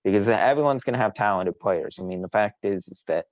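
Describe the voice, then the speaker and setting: A very low-voiced man talks fantasy baseball on a casual podcast, bragging and teasing his friends. He rambles and restarts his sentences. The audio is dull and dry, recorded close. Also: expressive, brisk, no echo. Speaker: podcast co-host. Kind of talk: casual sports chat.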